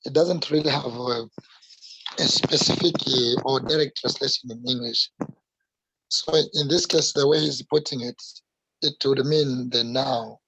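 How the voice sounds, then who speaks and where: A man's voice: mid-range voice, fairly even intonation, unhurried, bright, forceful tone, slight background noise, poor audio. A man taking part in an online language class, explaining a word hesitantly with fillers. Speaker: class participant.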